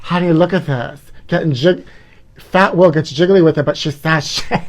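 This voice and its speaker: A man's voice: fairly high pitch, normal speed, a little mellow. A man hosting a campy celebrity gossip livestream, calling everyone honey and laughing at his own jokes. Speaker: host.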